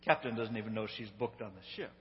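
A man casually retelling a sitcom episode in an animated, amused, conversational way, recorded on a handheld phone. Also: lowish voice, fast, big-room sound, lo-fi sound.

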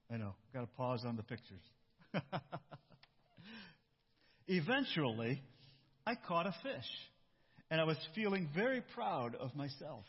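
Man pastor, sermon and story reading, husky voice, echoey church hall. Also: mid-range voice, lo-fi sound. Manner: warm asides, self-interrupting, relaxed.

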